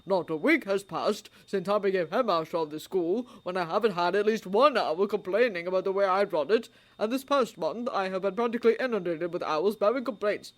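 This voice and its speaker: A woman voicing an old male headmaster wizard who speaks in a pleasant, measured, dryly humorous way. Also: medium pitch, natural voice. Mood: wry.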